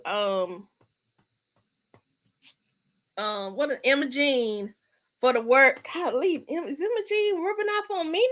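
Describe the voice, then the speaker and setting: A woman's voice: high voice, sharp tone. A woman hosting a casual live stream, playful and chatty, greeting her viewers by name.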